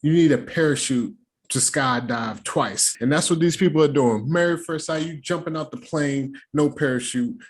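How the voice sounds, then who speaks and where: Slangy, animated man recapping a show. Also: a little high, normal speed. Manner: slangy, animated, joking asides. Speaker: recap host. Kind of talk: casual reaction recap.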